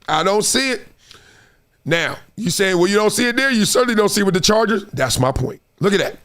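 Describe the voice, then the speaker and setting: A man riffs on football standings as the host of his own show, his voice sitting fairly high. He talks loosely and animatedly, full of slang, and now and then lapses into a playful sing-song. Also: animated, fairly quick, fairly bright tone. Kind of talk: casual sports commentary monologue.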